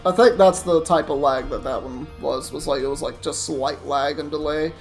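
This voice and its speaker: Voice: mid-range voice, fairly even intonation, moderate pace. Rambling streamer over faint game music. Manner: rambling, self-interrupting, swears casually. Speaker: streamer playing a Pokemon challenge run. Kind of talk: casual let's-play commentary.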